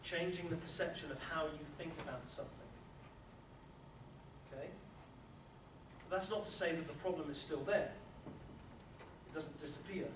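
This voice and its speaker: A man with a slightly higher voice leads a workshop, coaching listeners through tensing and relaxing and repeating each instruction. He stands some distance from the mic, so his voice comes across roomy and echoey, with loud noise underneath. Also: normal speed, pauses often. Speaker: sports psychology presenter. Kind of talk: live workshop talk with guided exercise. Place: lecture room with a live audience.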